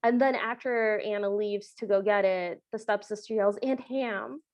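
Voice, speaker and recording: A woman's voice: medium pitch, steady tone, normal speed, darkish tone, dry recording. A woman co-hosting a podcast, chiming in with plot details and her own feelings about the film. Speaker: podcast co-host. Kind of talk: casual recap chat.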